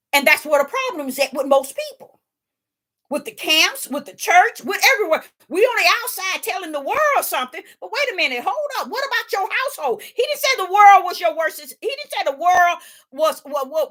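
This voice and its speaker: A woman's voice: very high-pitched, big pitch swings, normal speed, a bit bright. A woman preaching informally, emphatic and rhetorical, with folksy dialect and phrases repeated for emphasis.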